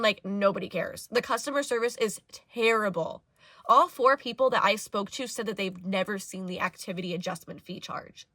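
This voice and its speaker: A young woman vents straight into her camera, exasperated and animated, dropping fillers as she goes. Her voice is bright and forceful, recorded close and dry with no room sound. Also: mid-range voice, no room sound. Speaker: vlogger. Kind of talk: personal rant to camera.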